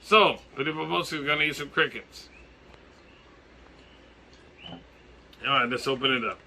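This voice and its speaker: A man from Hawaii with a Hawaiian accent, vlogging casually in a jokey, excitable way, swearing and laughing as he talks. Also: mid-range voice, moderate pace, vocal fry, a little hiss or hum. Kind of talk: casual vlog.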